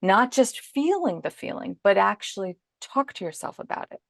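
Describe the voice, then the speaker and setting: A woman parenting coach in a podcast interview, explaining calmly and acting out her own inner self-talk as examples. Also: medium pitch, moderate pace, vocal fry, dry recording, clean studio sound.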